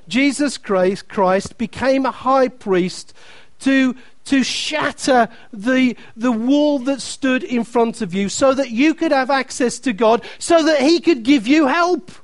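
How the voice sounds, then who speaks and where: A man's voice: very high-pitched, takes it slowly, no room sound. A man preaching a sermon, emphatic and repeating key phrases, reading scripture aloud with playful asides to the congregation.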